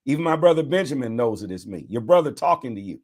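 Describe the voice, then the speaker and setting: Man, bishop, bible reading, lively pitch, preacher asides. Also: quick pace.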